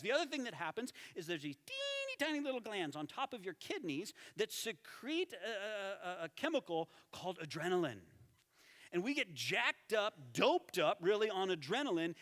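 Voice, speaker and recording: A man preaching a sermon as lead pastor, animated, with emphatic repetition and quieter, intense passages. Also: sits high. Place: church sanctuary. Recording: church hall with long reverb.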